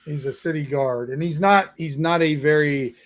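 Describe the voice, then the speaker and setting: A man narrating as game master in a halting, casual way, full of fillers. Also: fairly high pitch. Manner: halting, lots of fillers and restarts.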